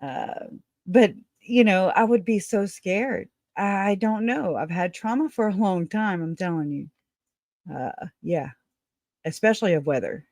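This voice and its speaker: A woman chats her way through a casual livestream. She rambles, greets viewers by name and laughs often. Her voice sits at a middle pitch and sounds dry and close, with no room around it. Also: expressive, measured pace, a little mellow, dry recording. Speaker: livestream host.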